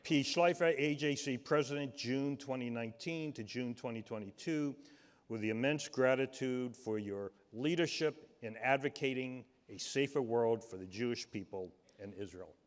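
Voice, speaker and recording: A man with a Boston accent giving a measured, warm tribute speech at a gala, turning fumbling when he improvises. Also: mid-range voice. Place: large event hall. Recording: reverberant hall.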